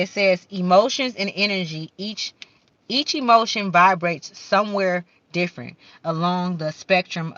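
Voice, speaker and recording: A woman's voice: fairly low pitch, pushed and bright, no echo, lo-fi sound. A woman doing a casual spiritual card-reading vlog, talking fervently in slang, swearing at times and stumbling as she reads the card text aloud. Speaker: card reader.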